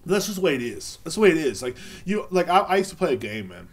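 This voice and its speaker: A man hosts a casual beer podcast and rambles through a profane, sarcastic story. His pitch jumps up and down constantly, with sudden high squeaks whenever he mimics other people. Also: sing-song, fast. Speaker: podcast host.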